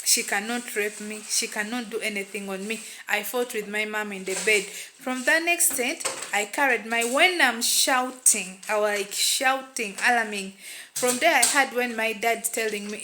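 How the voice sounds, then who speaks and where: A woman's voice: a little high, moderate pace, background noise. A woman narrating a first-person story in an emotional, repetitive way. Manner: emotional, repetitive, tags lines with "what and what".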